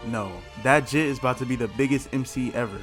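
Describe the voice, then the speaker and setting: A man's voice: medium pitch, fast talker, faint music behind. A man hosting a reaction video, talking in a blunt, mocking, slangy way. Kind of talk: casual reaction commentary.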